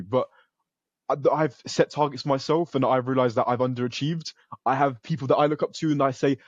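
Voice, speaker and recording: A man's voice: medium pitch, fairly even intonation, a little fast, dry recording, dull audio. A young man from the UK, a computer science student, talking earnestly and confidently as an interview guest, often restarting his sentences. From United Kingdom. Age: young adult. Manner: earnest, self-assured, frequent restarts. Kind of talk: casual interview over a call.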